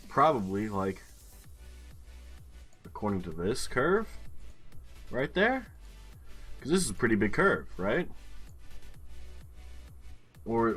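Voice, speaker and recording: A man's voice: fairly low pitch, a bit bright, husky. A man hosting a gaming video, thinking aloud in casual commentary and swearing freely. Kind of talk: casual let's-play commentary.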